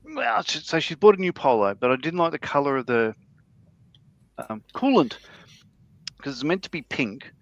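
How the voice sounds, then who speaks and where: Older man, gravelly voice, meandering chatty talk, slightly dull lo-fi audio. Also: on the high side, big pitch swings, moderate pace, pauses often, dry recording. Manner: meandering, many ums and restarts. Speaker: co-host of a scale-modelling livestream. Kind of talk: casual chat, rambling anecdote.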